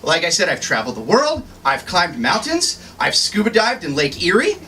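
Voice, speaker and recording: A man's voice: sits high, wildly swooping pitch, moderate pace, heavy background noise. A man playing a grown-up Tiny Tim as a brash, self-promoting stand-up comic who tells hammy, corny punchlines. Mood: boastful. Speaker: stand-up comedian. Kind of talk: live character stand-up. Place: bookstore, indoors. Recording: far-off live room with loud crowd.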